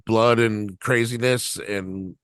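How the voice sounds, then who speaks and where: A man's voice: fairly low pitch, fairly even intonation, takes it slowly, fairly bright tone, no echo, studio quality. A man co-hosting a podcast, telling a long, rambling, profane story and laughing along as he goes. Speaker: podcast co-host. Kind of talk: casual anecdote telling.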